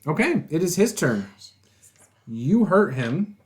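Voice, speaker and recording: A man running a tabletop game as dungeon master, guiding players around the map in a relaxed way. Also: fairly high pitch, slow pace. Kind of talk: running a tabletop game over a video call.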